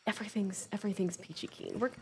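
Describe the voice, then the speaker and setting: A woman's voice: mid-range voice, fairly even intonation, fast talker, breathy edge. A woman streaming a shooter game live, chatting with viewers, yelping, laughing and apologizing as the match gets tense. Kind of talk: live gaming stream chat.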